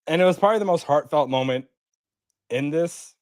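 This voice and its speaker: A man co-hosting a casual show review, retelling scenes and acting out the characters' lines in quick bursts. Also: fairly high pitch, dry recording, clean studio sound. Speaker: co-host. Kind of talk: casual chat, recapping scenes.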